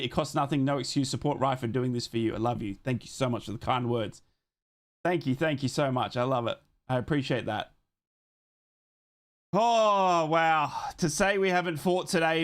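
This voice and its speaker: An Australian man hosting a live football watchalong, calling the match with loud fan excitement and giving slangy thank-yous to his viewers. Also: a little high. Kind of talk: live fan commentary and stream sign-off.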